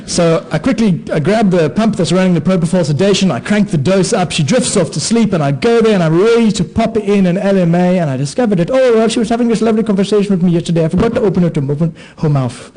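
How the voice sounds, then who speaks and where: A man tells comic stories about himself to a live audience. His voice sits fairly high, and he delivers the talk with animated, self-deprecating asides and playful sound effects. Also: fast talker, hardly any pauses, poor audio. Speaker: conference speaker, anaesthetist. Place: conference hall with an audience.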